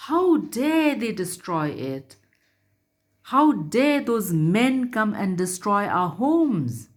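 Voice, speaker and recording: A woman's voice: medium pitch, very animated, takes it slowly, voice pushed up. A woman voicing an angry lion who speaks up in an indignant, raised voice to protect the forest in a story read to children.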